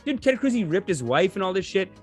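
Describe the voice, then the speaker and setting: A man co-hosting a casual commentary chat, mocking and animated, with silly impressions thrown in. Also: sits high, fast talker, faint music behind. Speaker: co-host.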